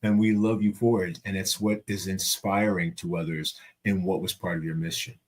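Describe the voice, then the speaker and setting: Deep husky man hosting an interview. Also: moderate pace. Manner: reassuring, calm, clears throat. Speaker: interview host.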